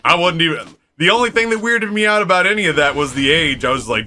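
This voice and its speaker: A man's voice: on the high side, lively intonation, fast, hardly any pauses, pushed and bright, a little hiss or hum. A man streaming a game and chatting casually, rambling and cracking crude jokes with his viewers. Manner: rambling, joking, crude banter with chat. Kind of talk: casual live-stream chat while gaming.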